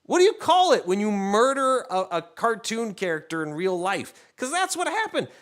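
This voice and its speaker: A young man streams himself cooking in his home kitchen, chatting casually with a high voice at a normal pace. He's animated, swears freely, and drifts into jokey tangents as he goes.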